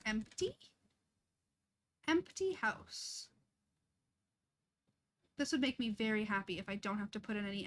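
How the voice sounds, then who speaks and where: A young woman streams a life-sim game, chatting casually, laughing often, and poking fun at herself. Her voice is a little high, with a slight hiss or hum in the recording.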